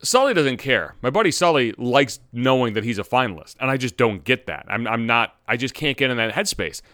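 Profane, ranting man with a lively voice. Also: medium pitch, no room sound, clean studio sound. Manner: profane, exasperated, fast-escalating. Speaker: podcast host and voice actor. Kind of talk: ranting podcast monologue. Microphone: studio podcast mic.

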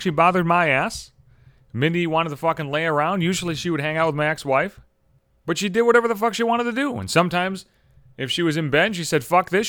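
A man hosting a podcast, ranting with constant swearing, swinging between exasperated high-pitched outbursts and low mutters. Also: a bit bright, no room sound, clean studio sound. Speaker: podcast host. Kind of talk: profane comedic rant.

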